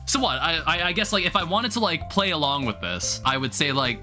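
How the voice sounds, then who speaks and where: A man's voice: on the high side, animated, brisk, hardly any pauses, sharp tone. A young man chatting casually on a live stream while he plays a game, thinking aloud in a rambling way with lots of filler words. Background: faint game music.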